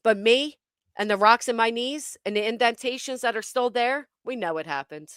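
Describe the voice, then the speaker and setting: A woman hosting her channel, telling a comic story to her live chat with animated, profane delivery and dramatic pauses. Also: on the high side, clear, resonant tone, dry recording, clean studio sound. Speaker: channel host.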